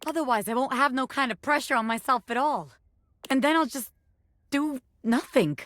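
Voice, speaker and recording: Bobby Pin, a tough little gangster pin. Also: female voice, high-pitched, animated, moderate pace, a bit bright, dry recording, clean studio sound. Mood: wistful. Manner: tough streetwise talk, tender underneath. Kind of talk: video game voice acting.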